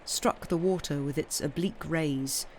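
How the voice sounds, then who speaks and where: A woman reading a novel aloud on a livestream in a steady, measured storytelling way. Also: low voice, a little hiss or hum. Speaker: reader.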